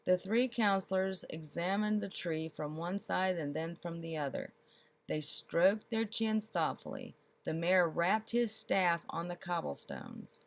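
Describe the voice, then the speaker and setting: Brief: female storyteller, a touch low in pitch, expressive read-aloud that lingers on funny details. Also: gravelly. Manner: expressive, slows for comic detail.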